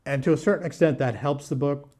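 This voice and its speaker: A man's voice: a little high, quick pace, mellow. Blunt, chatty man reviewing books. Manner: candid and blunt, frequent fillers and restarts, wry laughs. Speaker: book vlogger. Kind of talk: casual book review talk.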